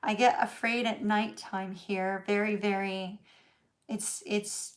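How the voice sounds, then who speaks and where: A middle-aged woman hosting a tarot livestream tells a chatty story, laughing often and leaning on lots of fillers. Her medium-pitched voice moves slowly with little pitch movement.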